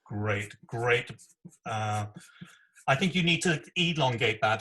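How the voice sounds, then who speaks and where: A man's voice: on the low side, unhurried, vocal fry, pushed and bright, breathy edge, rough recording. A man hosting a radio chat, talking hesitantly with many "sort of" fillers. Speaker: radio host.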